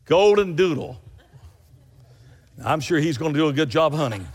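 A man's voice: on the high side, lively intonation, normal speed, big-room sound. A man preaching a sermon, telling folksy stories with rising emphatic bursts.

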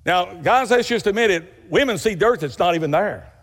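A man's voice: high voice, lively intonation, normal speed, a bit bright, in a large hall. A man preaching a sermon, telling folksy stories with rising emphatic bursts.

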